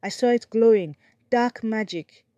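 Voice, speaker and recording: Lady doing a furious young wife yelling witch, shrill and high, dry sound. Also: measured pace, dry recording, lightly acted. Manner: shrill, screaming accusations.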